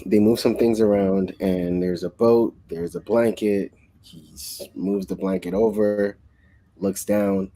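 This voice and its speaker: A man co-hosting a casual book discussion, recapping the plot in an excitable, rambling way with lots of restarts. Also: lowish voice, slow pace, low-quality recording. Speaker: book club co-host.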